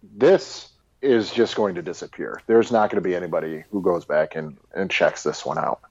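A man's voice: moderate pace, husky. A man co-hosting a casual movie review podcast, blunt and exasperated, cursing freely. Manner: blunt, animated, swearing exasperation. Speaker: podcast co-host. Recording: dull dry low-fi mic.

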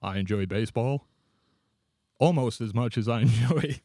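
A man's voice: medium pitch, moderate pace, creaky, mellow, no echo, studio quality. A man with an Australian accent voicing a cheerful ordinary American man in a put-on American accent. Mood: folksy.

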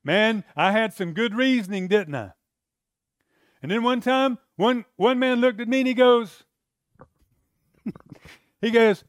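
A man's voice: high voice, normal speed, no room sound, studio quality. A male pastor preaching conversationally, telling stories from his own life, acting out what he used to say, and checking in with his listeners. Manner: animated storyteller acting out his own past arguments. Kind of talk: sermon with personal stories.

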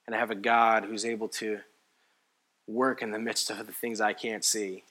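A man preaching a sermon in a church, swinging between hushed and loud, passionate delivery with repeated emphatic phrases. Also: medium pitch. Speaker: pastor.

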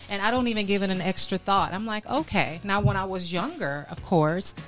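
A woman in casual chat, talking in an emphatic, self-assured way with drawn-out phrases. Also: mid-range voice, fairly bright tone, soft background music.

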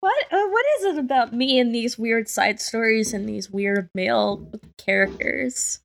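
A woman's voice: on the high side, measured pace, creaky, a bit bright. A woman chatting casually as a player in a tabletop game, talking with lots of fillers. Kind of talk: casual chat while playing.

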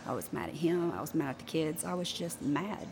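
A woman's voice: low-pitched, expressive, fairly quick, vocal fry, a crowd in the background. A woman talking openly and emphatically about her anger in a candid conversation about grief, repeating her points. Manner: open, emphatic, repeats herself. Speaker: guest.

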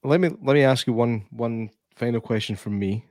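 A man's voice: mid-range voice, normal speed, a little mellow, no room sound. A man interviewing a guest, hesitant and restarting his questions, swearing casually.

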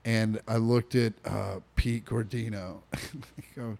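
A man's voice: on the low side, measured pace, vocal fry, dark tone. A young man co-hosting a casual podcast from a living room, rambling with lots of fillers, restarts and swearing. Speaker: podcast co-host.

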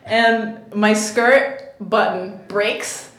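A woman's voice: mid-range voice, a little slow, fairly bright tone. A woman in her thirties, an actress being interviewed, telling stories in a chatty way with lots of laughs and fillers. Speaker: actress guest. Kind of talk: casual interview storytelling. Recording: echoey room.

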